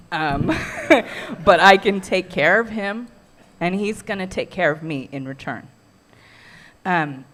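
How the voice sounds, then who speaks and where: A middle-aged woman who weaves baskets, giving a heartfelt, earnest talk to a community workshop audience. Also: on the low side. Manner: heartfelt and earnest, with soft laughs.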